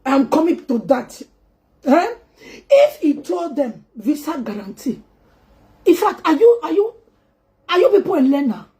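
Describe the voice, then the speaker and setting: A woman with a high voice delivers an emotional, pleading appeal. She switches freely between English, Pidgin and a local language as she begs for peace. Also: very animated, a little slow, pauses often, mellow. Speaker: entertainer appealing to two public figures. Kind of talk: impassioned spoken plea.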